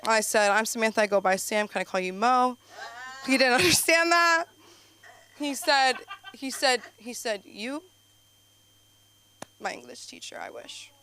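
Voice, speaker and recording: A young adult woman doing an open-mic stand-up set on a comedy club stage. She tells stories in a rambling, animated way, full of "like", and jumps her voice up for punchlines. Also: on the high side, measured pace, long pauses. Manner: rambling, filler-heavy storytelling with frequent "like".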